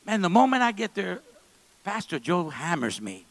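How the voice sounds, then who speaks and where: A man preaching a sermon in a church service, moving between quiet, low asides and loud, fervent stretches. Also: big pitch swings, moderate pace, no echo, poor audio. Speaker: pastor.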